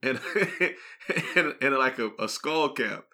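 A man's voice: mid-range voice, lively intonation, slow pace, sharp tone. A man hosting a podcast, telling loose, slangy stories with easy laughter. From New Iberia, Louisiana. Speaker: podcast host. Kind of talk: casual podcast banter.

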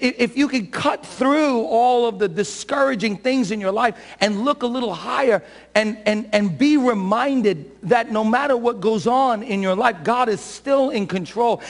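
Male pastor, fervent sermon, high gravelly voice, long church reverb. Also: moderate pace. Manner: fervent preacher, swings from soft to shouting; self-described shouter and crier. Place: church sanctuary.

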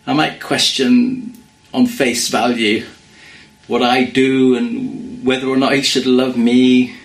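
Guy preaching a sermon, earnest, goes quiet and soft on the bible quotes, roomy echo. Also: medium pitch, gravelly. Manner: earnest, drops to hushed quoting of scripture.

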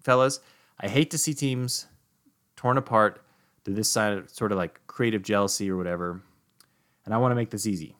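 A smooth, dismissive film director, as a male storyteller plays him talks in an offhand, soothing tone with a fairly low voice. He promises everything and commits to nothing. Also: moderate pace, pauses often, fairly bright tone, natural voice. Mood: placating.

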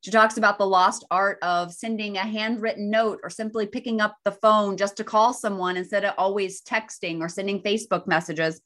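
A woman's voice: mid-range voice, steady tone, fairly quick, few pauses, fairly bright tone. A woman co-hosting a talk show, upbeat and friendly, summarizing a book and chatting with guests. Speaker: podcast co-host. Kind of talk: casual chat.

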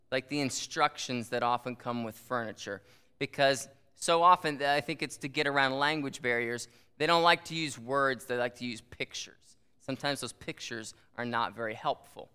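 A man's voice: medium pitch, bright, forceful tone, clear, resonant tone, long reverb tail. A man preaching a conversational sermon, with frequent asides and rhetorical questions. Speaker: pastor.

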